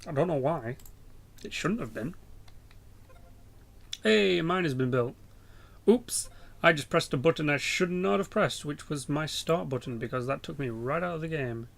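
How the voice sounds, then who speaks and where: A man's voice: a little high, normal speed, creaky. A young man with an English accent, rambling and swearing through casual game commentary. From England. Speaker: gaming YouTuber.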